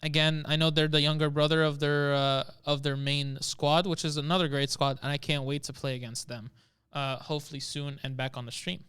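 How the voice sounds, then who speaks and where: A man casting a live esports match, excitable and breaking into loud shouts during big plays. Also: fairly high pitch, a little fast, clean tone. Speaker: esports caster.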